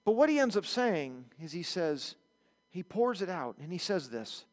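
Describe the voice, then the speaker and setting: High-voiced pastor preaching in a reverberant church. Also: male voice, normal speed. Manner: animated storytelling, acts out quotes. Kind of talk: sermon. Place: church sanctuary.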